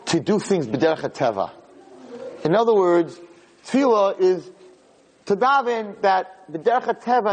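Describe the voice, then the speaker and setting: A man giving a Torah class, retelling the story with lively, dramatic quotes. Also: sits high, long reverb tail, poor audio. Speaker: Torah teacher.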